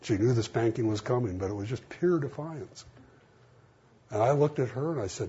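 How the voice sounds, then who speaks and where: A man's voice: mid-range voice, normal speed, mellow. A middle-aged man preaching a sermon in a folksy, conversational way, acting out the dialogue in his stories. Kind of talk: sermon with storytelling. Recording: dull lo-fi sound with faint hiss.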